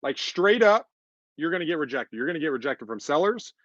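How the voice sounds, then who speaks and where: A man's voice: a little high, big pitch swings, a little fast, no room sound. A man casually talking on a podcast, making points with emphatic repetition. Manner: emphatic, repeats points, acts out quoted voices. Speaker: podcast co-host. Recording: dull lo-fi dry recording.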